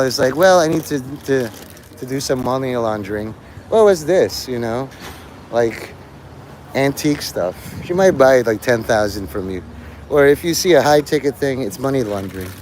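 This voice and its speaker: A man's voice: medium pitch, slight background noise, rough recording. A man live-streaming outdoors outside a convenience store, rambling offhand and chatting provocatively with viewers.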